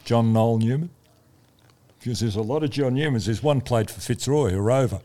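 A man's voice: medium pitch, moderate pace, warm tone. Dry-teasing Australian man. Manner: dry, teasing, needling interjections. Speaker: podcast co-host. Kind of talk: casual teasing chat.

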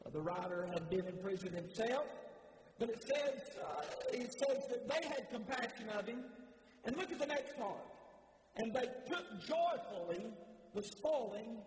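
A male preacher with a strikingly high voice delivers a fervent sermon, stumbling and restarting as he presses his point. He is heard in a big church hall with a long echo. Faint noise sits under the recording. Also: darkish tone. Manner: fervent, repetitive, stammering restarts.

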